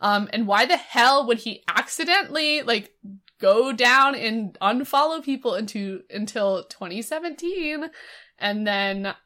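A woman's voice: on the high side, animated, unhurried, sharp tone. A young woman co-hosting a podcast, chatting casually with many fillers and laughs. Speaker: podcast co-host. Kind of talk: casual chat.

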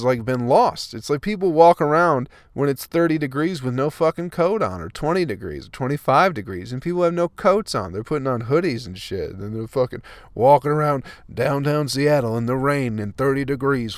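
A man's voice: mid-range voice, animated, normal speed, no room sound. Profane ranting young man, dry close sound. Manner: profane, ranting, laughs at own jokes. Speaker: comedian podcast host. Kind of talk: casual comedic monologue.

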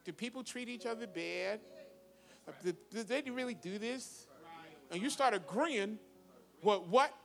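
Male pastor, 50s, high voice, sermon delivery with sudden loud peaks over faint music. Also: unhurried, pauses often. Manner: preaching with sudden loud high bursts and quiet asides.

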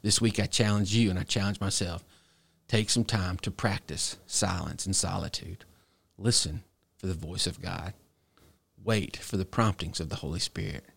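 Low-voiced pastor giving an earnest sermon. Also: male voice, gravelly, slightly rough, dry recording. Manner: earnest, exhorting, with slow deliberate emphasis.

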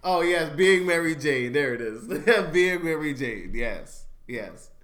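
A man's voice: a little high, lively intonation, slow, fairly bright tone, roomy sound. A man cohosting a casual podcast chat, laid-back, often laughing and pushing back on teasing.

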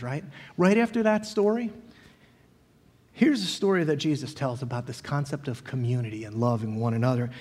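Middle-aged male pastor, high voice, conversational sermon, long church reverb. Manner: conversational, acts out the disciples' questions. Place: church sanctuary. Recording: long reverb of a large hall.

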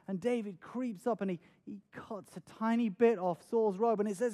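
Preacher, male, high voice, earnest sermon delivery with dramatic retellings and stuttered repeats. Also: normal speed, darkish tone. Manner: earnest, repeats words when stressing a point; dramatic, acts out scenes with raised voice.

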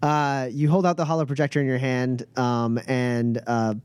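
Halting male game master. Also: medium pitch, little pitch movement, darkish tone, clean tone, no room sound. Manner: halting, many fillers and restarts, laughs often. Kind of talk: narrating a tabletop game.

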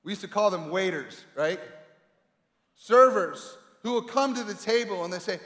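A man preaching a sermon with emphatic delivery and dramatic pauses, swinging between loud calls and quiet asides. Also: sits high. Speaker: pastor. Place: large echoey hall. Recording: echoey hall with long reverb.

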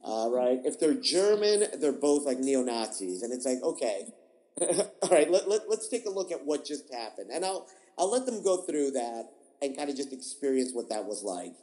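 A man's voice: mid-range voice, very animated, normal speed, mellow, poor audio. A man, an improv teacher, answering interview questions in a thoughtful, explanatory way, often restarting and repeating words. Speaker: improv teacher, podcast guest.

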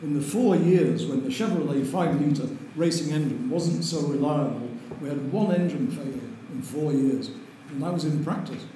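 An older man, telling lively anecdotes as an interview guest and chuckling through them. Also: a little high, moderate pace, few pauses. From Lancashire, England. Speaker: interview guest, racing driver. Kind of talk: anecdotal storytelling. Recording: very echoey room with faint noise.

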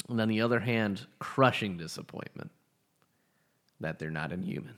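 A man with a fairly low voice, chatting as a podcast co-host. He rambles, fills gaps with ums and likes, and swears casually. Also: animated, measured pace, pauses often, a bit bright. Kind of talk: casual chat.

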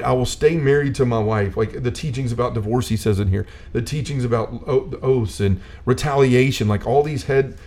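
A man's voice: mid-range voice, darkish tone. A man talking earnestly about faith in a casual discussion, full of "like" fillers, building to a preachy intensity.

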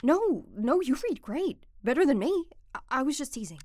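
A woman playing an excitable, teasing teenage boy in an audio drama, talking quickly and joking. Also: sits high. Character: teenage boy radio tinkerer, eager and teasing.

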